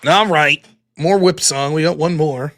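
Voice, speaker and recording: A man's voice: a little high, a little slow, fairly bright tone. A man hosting a live stream, ranting casually with plenty of profanity.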